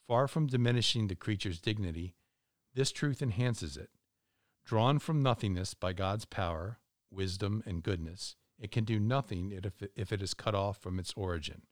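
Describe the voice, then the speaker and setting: Low-voiced man reading slowly. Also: dry recording, studio quality. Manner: measured, deliberate reading. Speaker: podcast reader. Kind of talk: reading a text aloud.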